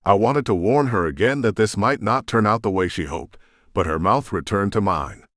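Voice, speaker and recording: A man narrating an audiobook in first person, gruff and brooding. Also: fairly low pitch, expressive, normal speed, fairly bright tone, no echo, studio quality.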